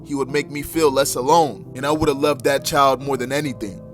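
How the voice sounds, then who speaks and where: A man's voice: mid-range voice, fairly even intonation, a little fast, music in the background, voice pushed down, close to an everyday voice. A man voicing a grieving, furious male superhero with a brooding, accusing tone. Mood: bitter.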